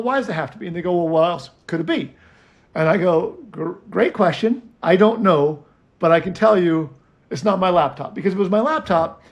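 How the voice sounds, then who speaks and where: A man co-hosting a casual chat, telling a story and acting out both sides of his phone calls. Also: high voice. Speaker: podcast co-host.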